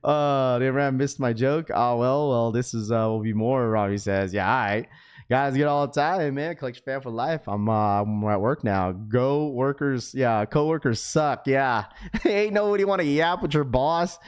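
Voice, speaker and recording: A man with a raspy voice hosting a sneaker livestream, chatting casually in slang and reading chat messages aloud. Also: medium pitch, normal speed. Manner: laid-back, slangy, full of fillers.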